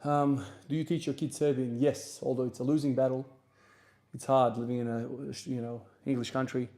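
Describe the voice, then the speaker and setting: Speaking at a normal speed in a mid-range voice, a South Australian streamer and lifter fields questions from his chat between gym sets. He sounds casual and relaxed, rambling along in an Australian accent.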